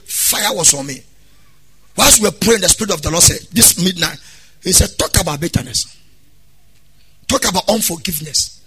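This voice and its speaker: Male pastor, sermon, husky and bright, loud sung-out preaching. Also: sits high. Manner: preaching with sudden loud exhortations and sung phrases.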